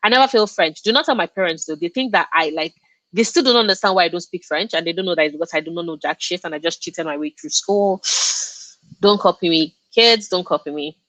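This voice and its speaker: A young woman whose first language is Yoruba, hosting a casual live stream and reacting to chat with quick laughs. Her voice is dry and close on the mic, with no room sound. She talks in loose, chatty bursts. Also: fairly low pitch, a bit bright, no echo. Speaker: book streamer hosting a reading check-in.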